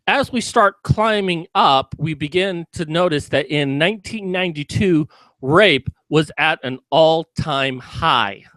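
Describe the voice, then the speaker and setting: A man with a high, sharp voice rants through an angry commentary, swinging between sarcastic explanation and shouted, profane outbursts. The sound is close and dry, with no room around it. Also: dry recording. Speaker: video commentator.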